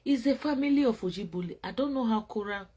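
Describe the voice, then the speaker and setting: Blunt, scolding woman with a husky voice. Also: fairly high pitch, lively intonation, fast, dark tone. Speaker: show host. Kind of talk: casual commentary.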